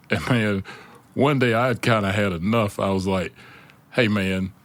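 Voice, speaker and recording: A man with a deep, smooth voice telling a story in a casual podcast chat, animated and laughing often. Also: moderate pace. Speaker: podcast co-host.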